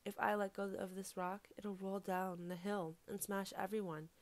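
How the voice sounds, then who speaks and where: A woman's voice: mid-range voice, little pitch movement, moderate pace, close to an everyday voice. Sly little guinea pig trickster, a lady storyteller putting him on, scheming and urgent.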